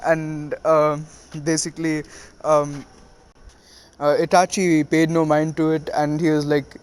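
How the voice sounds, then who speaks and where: A man casually retelling a fan story. His fairly high voice halts often on fillers as he goes. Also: level tone, clean tone. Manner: halting, many fillers.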